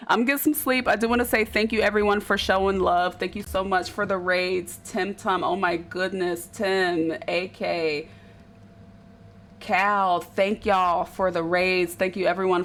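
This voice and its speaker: A woman's voice: lowish voice, fairly even intonation, measured pace, fairly bright tone. A woman with a South Jersey accent, chatting casually with her audience as a streamer, tired and rambling at the end of a late night. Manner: chatty, rambling and loose, with slang. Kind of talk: casual chat.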